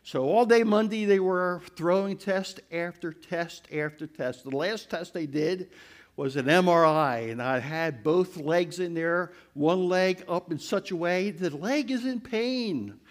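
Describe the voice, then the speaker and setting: An older man giving a storytelling testimony to a church congregation, animated and crying out as he retells events. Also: sits high, unhurried. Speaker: church speaker.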